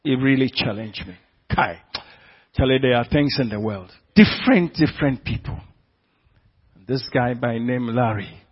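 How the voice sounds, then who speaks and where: A man's voice: mid-range voice, measured pace, slightly rough, highs cut off. A man preaching a sermon as pastor, pressing the congregation with repeated questions.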